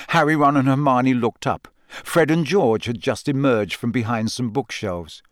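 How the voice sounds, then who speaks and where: A man reading an audiobook in a measured, expressive narration. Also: mid-range voice, dry recording, studio quality. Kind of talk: scripted narration.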